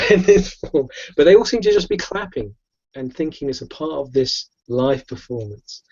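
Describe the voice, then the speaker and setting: A man running a tabletop game as game master, telling the scene in a lively, stumbling storytelling way. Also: fairly high pitch, moderate pace. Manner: lively storytelling with restarts and laughs. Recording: dull lo-fi recording.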